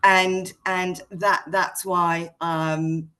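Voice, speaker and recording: A woman's voice: lowish voice, little pitch movement, extremely slow, bright, forceful tone. A woman from Hungary with a British accent touched by South African vowels, telling her story in a chatty way with frequent ums. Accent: Hungarian-born, mixed British and South African. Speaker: guest speaker. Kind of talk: casual conversation on a video call.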